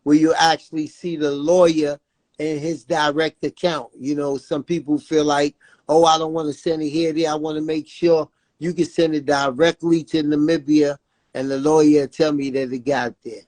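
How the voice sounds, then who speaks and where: A man with a slightly raised pitch speaks with earnest, repetitive intensity as an interview guest, leaning on "you know what I'm saying". The recording is dry and close, with no room sound around him. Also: little pitch movement, normal speed, darkish tone, dry recording. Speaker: guest, father of a jailed son. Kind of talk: emotional interview talk.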